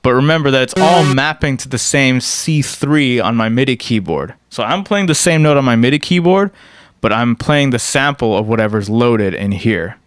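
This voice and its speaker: A man's voice: mid-range voice, lively intonation, moderate pace, clean tone, no echo. A man giving a casual screen-recorded music production tutorial. He explains step by step and often checks in with "right?".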